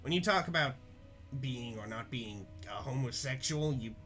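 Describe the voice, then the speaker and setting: A man's voice: medium pitch, lively intonation, moderate pace, a bit bright, faint music behind, natural voice. A man reading the lines of a laid-back teenage boy who rambles in slang, with a cool, rambling delivery. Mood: earnest rambling. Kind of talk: comic reading of a webcomic.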